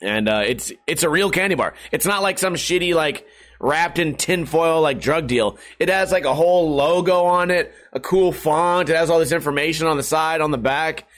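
A man's voice: fairly high pitch, normal speed, a bit bright. A man, rambling and joking profanely as a streamer talking to his webcam at home. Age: 30s. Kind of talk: casual rambling vlog. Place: hot house. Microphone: webcam setup at home.

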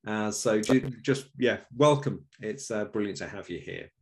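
A man's voice: lowish voice, lively intonation, moderate pace. Enthusiastic man hosting with many fillers. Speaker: event host. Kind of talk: hosting an online panel.

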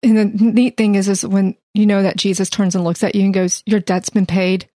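A woman's voice: mid-range voice, steady tone, a little fast, mellow, no echo, clean studio sound. A woman with a Southern US accent co-hosting a podcast, chatting casually and encouraging her co-host. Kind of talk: casual chat.

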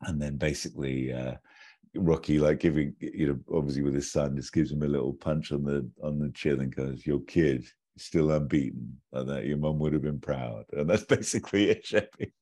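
A man co-hosting a podcast, talking in a relaxed, rambling way and laughing often. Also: rumbling low, a little fast. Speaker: podcast co-host. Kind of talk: casual chat.

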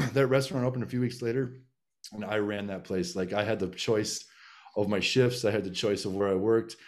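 A man's voice: fairly low pitch, fairly even intonation, moderate pace. A middle-aged man casually telling a long personal story, with many restarts and fillers. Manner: rambling, frequent restarts and filler.

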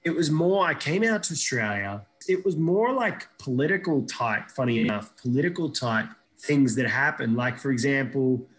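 A man from Iraq speaks as a guest in a relaxed conversation, with a voice of ordinary, middle pitch. He tells his stories with energy and keeps checking in with his listener by asking "right?". The talk stays casual and unscripted. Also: moderate pace, few pauses. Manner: animated storyteller who tags lines with "right?". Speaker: interview guest. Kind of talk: casual storytelling chat.

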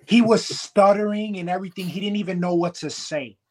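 A man's voice: sits high, a little fast. A man, a wrestling heavyweight champion, talking trash as a podcast guest. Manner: cocky trash talk. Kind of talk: podcast interview.

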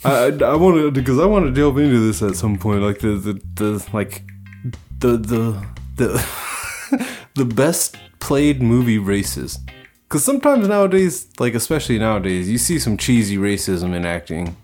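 Man, mid-pitched voice, casual podcast chatter, profane and rambling. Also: animated, moderate pace, darkish tone, faint music behind. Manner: rambling, profane, many filler likes. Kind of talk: casual chat.

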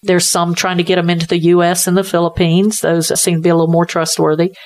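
A woman's voice: fairly low pitch, flat delivery, fast, a little mellow. A woman who runs a tech support business for seniors, talking earnestly in a conversational interview and repeating her points for emphasis.

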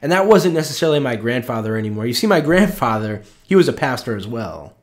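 A male pastor giving a conversational, openly emotional sermon, often checking in with "right?" and slowing down on tender points. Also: mid-range voice, sing-song. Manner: earnest and personal, with frequent "right?" asides.

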